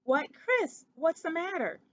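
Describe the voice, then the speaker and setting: Storybook figure: woman reading as a kind young mouse cousin, very high, wide-eyed and insistent. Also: very animated, a little slow, highs cut off, heavily acted. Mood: curious.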